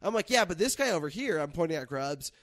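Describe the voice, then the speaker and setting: A man's voice: a little high, quick pace. A young man hosting a casual chat, telling a story with lots of swearing and acted-out quotes. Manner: animated, profane, acts out quotes. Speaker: podcast host.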